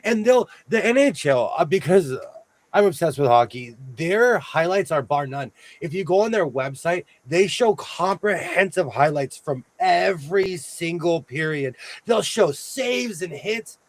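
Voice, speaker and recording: A man's voice: on the high side, measured pace. Chatty man hosting a sewing stream. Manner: chatty, animated storytelling with playful asides. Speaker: host of a sewing show. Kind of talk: casual livestream chat.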